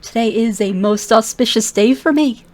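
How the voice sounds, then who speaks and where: A woman's voice: on the high side, moderate pace, a little mellow, close to an everyday voice. A woman voicing an ancient bald male moon elf wizard who runs a shop, fussy and grandly welcoming. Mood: eager.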